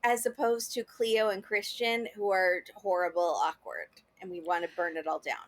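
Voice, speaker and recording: A woman's voice: medium pitch, steady tone, moderate pace. A woman guesting on a podcast, trading wry, jokey remarks in casual chat.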